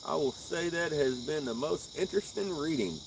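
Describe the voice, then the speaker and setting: A man hosts a live fishing stream from a riverbank at night, trading laid-back, slangy banter with his viewers and breaking into frequent laughter. His voice sits a little high for a man and moves around a lot. Crickets and insects chirp faintly around him. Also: expressive, normal speed, creaky, slight background noise. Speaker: livestream host. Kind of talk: casual live-stream chat.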